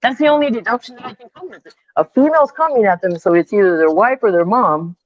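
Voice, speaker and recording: A woman's voice: on the high side, quick pace, dry recording. Dry, dull-sounding woman storyteller in her 50s. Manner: animated storytelling, mixing in Spanish phrases. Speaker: construction superintendent guest. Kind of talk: casual chat. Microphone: earbuds on a remote call.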